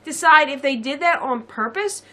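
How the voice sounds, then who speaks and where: Woman co-host, higher bright voice, casual, chatty, filler-heavy. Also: lively intonation, normal speed. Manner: hedging, full of "like". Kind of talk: casual chat.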